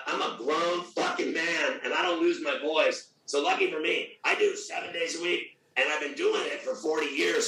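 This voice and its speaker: A middle-aged man with a gravelly voice, talking loudly, boastfully and with a lot of swearing in a casual interview. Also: fairly high pitch, distant mic. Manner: loud, profane, boastful. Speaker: radio host guest. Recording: echoey room, off mic.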